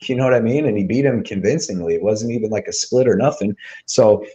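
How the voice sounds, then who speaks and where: A man with a low, mellow voice chats casually about fight picks and odds. He rambles loosely, tossing in "dude" and "you know what I mean" as he makes his case. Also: fast, dull audio. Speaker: co-host of a betting show. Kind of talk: casual sports betting chat.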